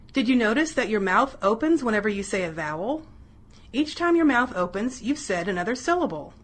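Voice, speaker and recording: A woman narrating a scripted lesson for children, saying each example word slowly and clearly. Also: fairly high pitch, a bit bright. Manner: sing-song, slow, stresses each example word. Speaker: teacher in an educational video.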